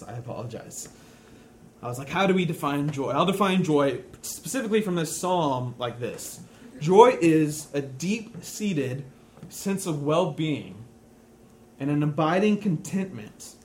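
A man with a slightly higher voice delivering a sermon as a pastor. He speaks with slow, deliberate emphasis and repeats his key phrases. A faint noise sits under the recording.

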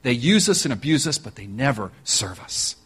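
A man preaching a sermon, telling a story with animated energy, joking asides, and direct appeals to his listeners. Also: mid-range voice, moderate pace, slightly rough. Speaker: pastor.

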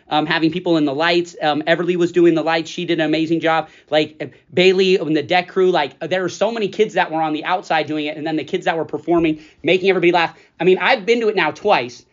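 Host, male, 40s, chatty and rambling, slightly raised pitch, dull lo-fi audio. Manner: chatty, rambling, laughs often. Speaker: podcast host. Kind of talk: casual chat. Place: studio. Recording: dull lo-fi studio recording.

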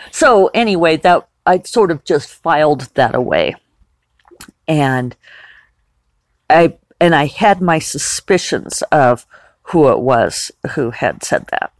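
A woman's voice: deep voice, sing-song, slow, long pauses, no echo. A woman hosting a podcast, talking candidly in a chatty personal monologue with frequent restarts and laughs. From Western United States. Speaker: podcast host.

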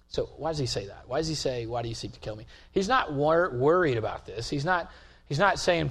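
A man's voice: fairly high pitch, a little fast, slightly rough. Man preaching a sermon, rising to emphatic peaks. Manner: builds from calm to loud, emphatic preaching. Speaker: pastor.

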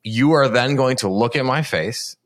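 A man's voice: mid-range voice, moderate pace. A man hosting a podcast in casual chat, playful, swearing freely and laughing often. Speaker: podcast host.

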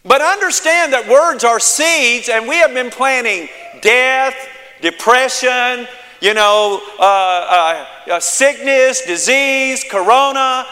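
A male pastor delivering a sermon with emphatic repetition and call-and-response. His voice is high and bright, and it rings out through a hall with long reverb. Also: slow pace.

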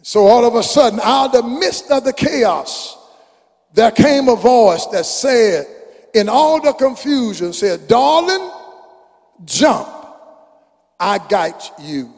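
An older man preaching a fervent sermon in a church, rising into shouts and song-like chanting. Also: very high voice, lively intonation, unhurried. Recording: long reverb of a large hall.

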